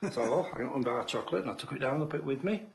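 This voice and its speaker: An older man, a retired coal miner, reminiscing in casual conversation, unhurried and full of fillers. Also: mid-range voice, lively intonation, gravelly. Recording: roomy echo, faint noise.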